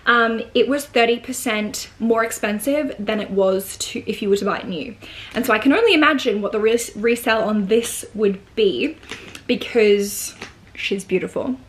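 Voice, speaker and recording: A woman's voice: fairly high pitch, normal speed, slight background noise. A woman with an Australian accent chatting through a casual unboxing vlog at home, gushing and filling her talk with likes and ums. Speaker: vlogger.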